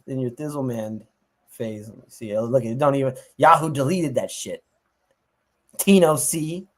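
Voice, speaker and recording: A man hosting a fantasy football watch party, talking casually, profanely and jokingly with a friend. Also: mid-range voice.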